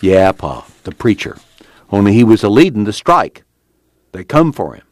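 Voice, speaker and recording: A man's voice: fairly low pitch, big pitch swings, normal speed, dry recording. A man voicing a battered, weary young farmhand in hiding, with a drawl and a tense, urgent delivery. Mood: tense, confessing.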